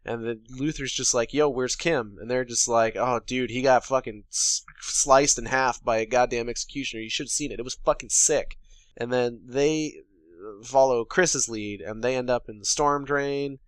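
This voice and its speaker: A man's voice: mid-range voice, steady tone, normal speed, no echo. A man co-hosting a podcast, casually and sarcastically recapping a film's plot with lots of swearing and mock quotes. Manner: sarcastic, profane, paraphrases characters in quotes. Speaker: podcast co-host.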